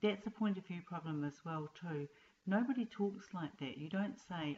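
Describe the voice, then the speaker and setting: Low-voiced New woman teaching writing. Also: moderate pace, darkish tone, muffled recording, slight background noise. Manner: plain, direct, instructive. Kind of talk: explaining writing advice to students.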